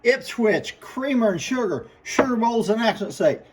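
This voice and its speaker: A man with a high voice runs through glassware for sale, one piece at a time. He names each item, points out chips and repairs, and gives the price in a plain, matter-of-fact way. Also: animated, moderate pace, slight background noise. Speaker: glass seller. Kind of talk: product showcase sales talk.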